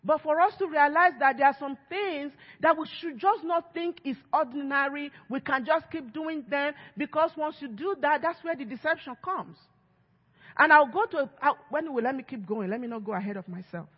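A woman's voice: high-pitched, moderate pace. Woman pastor, emphatic sermon, long church echo, dull lo-fi sound. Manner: emphatic preaching, acts out quoted voices. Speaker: lead pastor. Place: church sanctuary.

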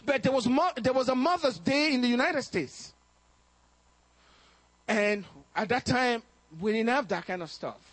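A man's voice: very high-pitched, unhurried, fairly bright tone, no echo. A man preaching a sermon, telling a personal story with acted-out quotes and laughs. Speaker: pastor.

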